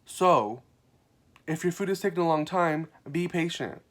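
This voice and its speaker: A young man working as a restaurant server, telling work stories in a casual, profane rant that swings from flat muttering to loud outbursts. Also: fairly high pitch, measured pace. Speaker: restaurant server venting about customers. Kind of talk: casual ranting storytelling.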